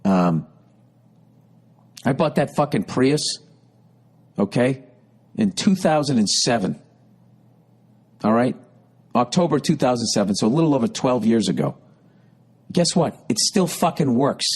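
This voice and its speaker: A man's voice: mid-range voice, very animated, a little slow, long pauses, a little mellow, breathy edge. A middle-aged man hosting a podcast, telling a profane, rambling comic story with exasperated rants. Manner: rambling, exasperated, heavy swearing, ranting with rising intensity. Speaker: podcast host.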